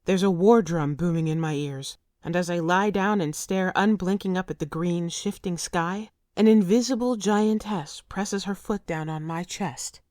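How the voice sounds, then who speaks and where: A woman reads a first-person fantasy audiobook with intense, vivid delivery. Her voice sits somewhat low. The studio sound is close and dry. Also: moderate pace, few pauses, darkish tone, no room sound. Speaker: audiobook narrator.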